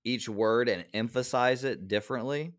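A man's voice: medium pitch, moderate pace. A man who is a pastor, co-hosting a podcast and explaining scripture in an earnest, preacherly way. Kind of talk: casual Bible study chat.

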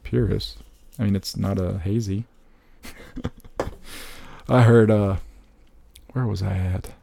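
A man, perhaps in his thirties, co-hosting a podcast in a casual, animated chat, joking and laughing often. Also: fairly low pitch, slow, creaky, noisy background. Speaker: podcast co-host.

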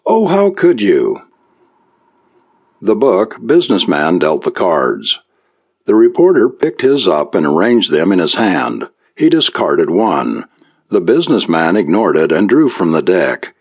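A man reading a story aloud as audiobook narrator, measured and expressive. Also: sits low, dull audio.

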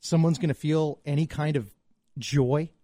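A man's voice: fairly high pitch, steady tone, measured pace, warm tone, dry recording. A man from Montreal co-hosting a casual sports chat, wry and teasing. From Montreal, Canada. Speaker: podcast co-host.

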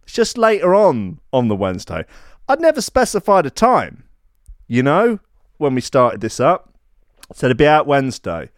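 A man's voice: a little high, wildly swooping pitch, normal speed, dry recording, studio quality. A man hosting a podcast in a sarcastic, mock-outraged comedic monologue. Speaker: podcast host.

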